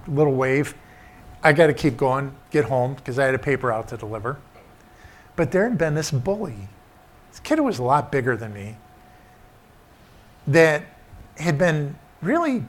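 A middle-aged man preaching a sermon, telling a childhood story and repeating short emphatic refrains. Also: medium pitch.

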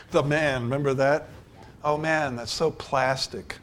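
An older man preaching a sermon, telling stories and building to emphatic declarations. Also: mid-range voice. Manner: storytelling, rising to emphatic preaching.

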